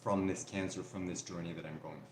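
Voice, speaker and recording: A man's voice: sits low, fairly even intonation, a little fast, background noise. Easygoing French Canadian man, echoey room. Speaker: livestream host answering viewer questions. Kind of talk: casual live Q&A chat.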